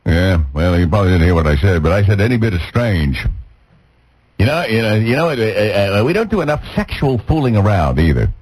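A man's voice: on the low side, very animated, fairly quick, a little mellow, husky, rough recording. A man hosting a radio show, telling leering, rambling bawdy stories with chuckles. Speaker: radio host. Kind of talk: bawdy comedic radio talk. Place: radio studio. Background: music bed.

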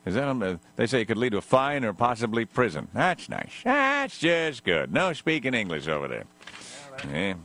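A man's voice: mid-range voice, wildly swooping pitch, normal speed, fairly bright tone. A man hosting a comic radio show, rambling and ranting in jokes and talking to his dog. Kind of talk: comic radio talk with a sung parody.

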